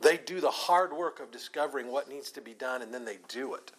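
A man's voice: mid-range voice, a little fast, a bit bright. A man leading a Bible study, teaching with emphatic, repeated phrases.

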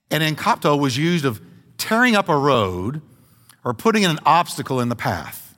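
Animated male pastor preaching in a hall. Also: fairly high pitch, moderate pace. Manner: animated preaching, rising to emphatic questions. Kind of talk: sermon. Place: church sanctuary.

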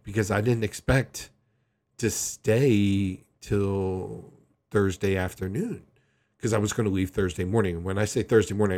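A man telling a personal story to camera in a casual, rambling way, often restarting his sentences. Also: lowish voice. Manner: rambling, animated retelling with frequent restarts. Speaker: vlogger.

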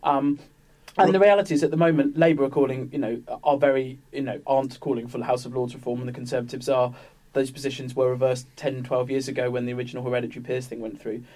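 A man's voice: mid-range voice, flat delivery, quick pace, a little mellow. A man talking through politics in a casual panel discussion, rambling with lots of fillers and restarts. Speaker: political commentator.

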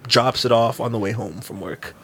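A man's voice: mid-range voice, moderate pace, a bit bright, husky. A young man casually telling a long story to friends on a podcast, rambling in slang with restarts.

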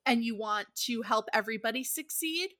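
A woman's voice: on the high side, fairly quick, sharp tone, no echo. A woman co-hosting a podcast, chatting casually about astrology, laughing easily and reading horoscope text aloud. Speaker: podcast co-host.

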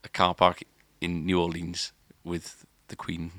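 A man's voice: sits low, monotone, unhurried, sharp tone, no echo. A man telling a long story on a podcast, rambling and restarting often. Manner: rambling, lots of filler and restarts. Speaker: podcast co-host. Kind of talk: casual storytelling.

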